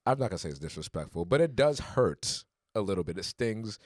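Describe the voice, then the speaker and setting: Male podcast co-host, earnest and emphatic, low and lively, dry close mic. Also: fairly quick, dry recording. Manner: earnest, emphatic, laughs often. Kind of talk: casual podcast chat.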